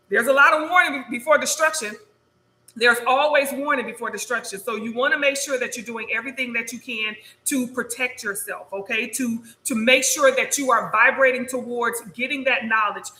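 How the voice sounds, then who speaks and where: Lady talking on a spiritual livestream, high bright voice, keeps saying okay, echoey room. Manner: chatty, repeats "okay?", laughs often. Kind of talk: casual livestream talk.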